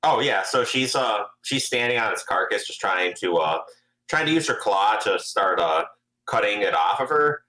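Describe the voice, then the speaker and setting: A deep, bright-toned man describing his character's actions at a tabletop game. He talks hesitantly, filling his pauses with uhs. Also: animated, poor audio. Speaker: player.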